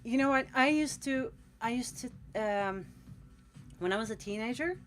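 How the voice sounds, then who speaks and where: A Scandinavian tattoo artist in her forties paints at home in a cold room while chatting with viewers on a late-night live stream, rambling encouragingly and saying "like" a lot. Her voice is fairly high with a moderate pace, and faint music plays behind her.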